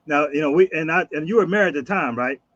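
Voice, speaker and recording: A man hosting an interview, asking halting questions full of restarts. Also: a little high, fairly bright tone, no room sound. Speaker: interviewer, host. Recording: dry, slightly dull sound.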